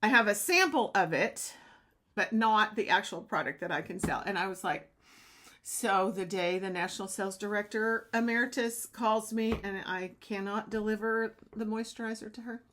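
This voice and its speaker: A woman vlogger telling a lively personal story in a casual way, acting out the other people's lines as she goes. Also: medium pitch, moderate pace, a little hiss or hum. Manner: excitable, acts out quoted dialogue. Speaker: beauty consultant vlogger.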